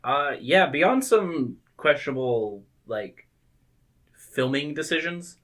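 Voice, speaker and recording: A man with a bright, forceful voice talks loosely about a film he just watched. He swears freely and gets animated, and he drops into quick impressions when he quotes lines. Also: a little high. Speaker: movie podcast co-host. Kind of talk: casual chat.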